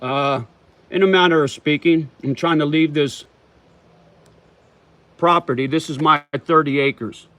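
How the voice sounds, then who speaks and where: A man's voice: on the high side, a little slow, long pauses, fairly bright tone. A man hosting a casual livestream, answering viewer comments in a profane, slangy way and calling people homie and brother while he chews tobacco. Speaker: livestream host.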